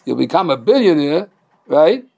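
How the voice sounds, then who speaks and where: High, gravelly-voiced joking rabbi. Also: male voice, moderate pace. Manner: joking, animated, many restarts and fillers. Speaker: rabbi teaching a class. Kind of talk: Torah class lecture with humor.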